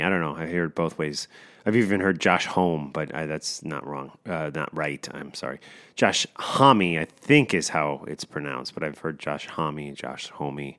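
A man hosting a metal music podcast, chatting casually between songs, rambling and trailing off quietly. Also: fairly low pitch.

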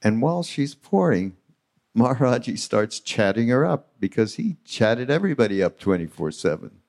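A man hosting a podcast live on a retreat stage, telling a spiritual story in an animated way. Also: mid-range voice, normal speed. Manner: animated storyteller acting out quotes. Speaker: podcast host.

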